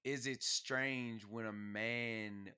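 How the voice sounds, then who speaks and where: A man's voice: mid-range voice, steady tone, drawn-out words, pushed and bright, smooth. A young man in a casual couple's debate, arguing hard, talking over his partner and stumbling over repeated words. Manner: argumentative, talks over her, repeats words when cut off.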